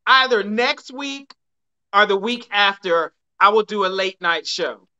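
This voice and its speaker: A man with a high-sitting, lively voice hosts a live dating show, keeping a measured pace and a bright, forceful, clean tone despite dull audio. He's chatty and upbeat, often restarting his sentences, and his voice is giving out as the night winds down in this casual live-stream chat.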